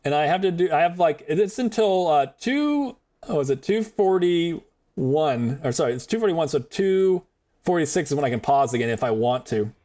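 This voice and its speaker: Animated, joking male game streamer. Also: on the high side, moderate pace. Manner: joking, profane, rambling with frequent laughs. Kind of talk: casual gaming commentary.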